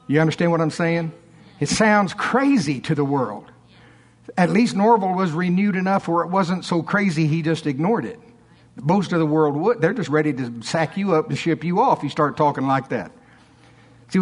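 A preacher telling a story in an animated, conversational sermon. His voice sits a bit high for a man. He often checks in with the congregation by asking them questions.

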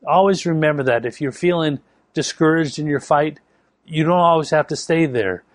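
A man's voice: a little high, moderate pace, no echo. A man preaching a sermon, telling a story with emphatic delivery. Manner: storytelling with acted quotes, emphatic.

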